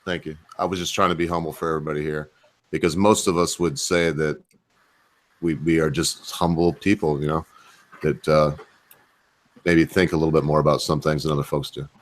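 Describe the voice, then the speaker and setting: A man's voice: very deep voice, flat delivery, fairly quick. A man hosting a casual livestream chat, joking and boastful with a rambling delivery. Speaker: host.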